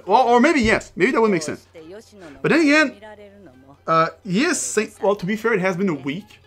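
A man's voice: sits high, lively intonation, moderate pace, a bit bright, soft background music. A man casually commenting while playing a video game, rambling, swearing and laughing often. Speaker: let's play host.

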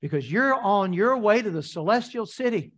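A man's voice: high-pitched, expressive, normal speed, a bit bright. A man preaching a sermon as pastor, emphatic and repetitive, asking the congregation rhetorical questions.

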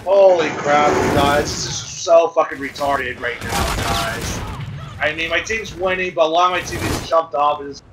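A young man giving casual, profane, excitable commentary on his own gameplay, talking to viewers. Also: a little high, moderate pace, heavy background noise. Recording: loud game gunfire behind.

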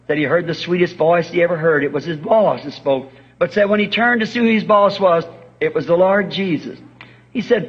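A man with a high, husky voice preaches with fervent, impassioned conviction, his words climbing into urgent cries. He sounds like an old-time revival preacher in a church. The sound is muffled and dull, like an old tape recording of a sermon. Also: brisk.

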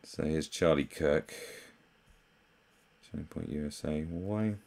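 A man's voice: slow, creaky, darkish tone. A British man doing sarcastic commentary on memes, mocking and swearing freely. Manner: mocking, swears, jumps into high mock voices. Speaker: commentary host.

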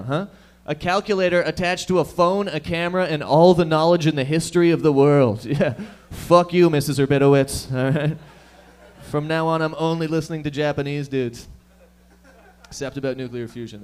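A young man from the Toronto area hosting a stand-up set, firing off profane jokes at the crowd. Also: fairly high pitch. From Toronto area, Canada. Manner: profane, rapid-fire joking to the crowd. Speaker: stand-up comedian and host. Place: comedy lounge stage.

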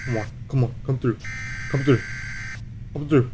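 A young man playing a horror game on his channel, jumpy, swinging between nervous muttering and sudden shouts. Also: mid-range voice, normal speed, noisy background. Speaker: gaming YouTuber. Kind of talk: horror game let's play commentary.

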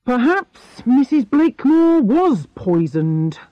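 Woman reading a calm, stern police inspector. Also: very high voice, no room sound, lo-fi sound, pitched above the performer's own voice, heavily acted. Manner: calm, measured.

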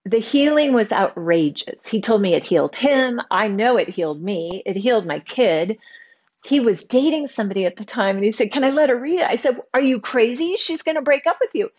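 A middle-aged woman, an author and guest in an interview, telling a personal story in an animated way and acting out the voices of people she quotes. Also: a little high, a little fast.

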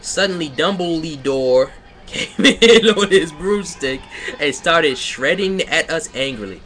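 Slow sarcastic man reading badly written fiction. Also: fairly high pitch, animated, a bit bright, faint music behind. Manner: sarcastic, breaks off to rant and laugh. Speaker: reader mocking a fan fiction. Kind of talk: comedic dramatic reading with commentary.

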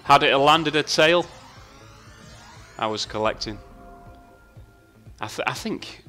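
Male slots host, bright edgy voice, rambling excitable commentary full of swearing, some game music underneath. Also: mid-range voice, slow pace. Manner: excitable, swears a lot, talks to himself and shouts at the game. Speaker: slot video host. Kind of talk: casual commentary while playing slots.

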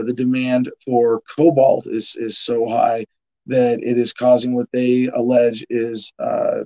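A podcast host reads out news headlines and riffs on them sarcastically, restarting often and laughing a lot in this casual commentary. His voice is medium-pitched and mellow, and the audio sounds dull.

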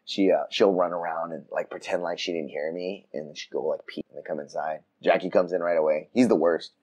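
A man on a casual podcast, telling a story with lively voices for the people in it. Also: low voice, fairly quick, breathy edge, muffled recording. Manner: animated storytelling, acts out voices, frequent restarts. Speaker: podcast co-host. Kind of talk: casual chat. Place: room outside the usual studio.

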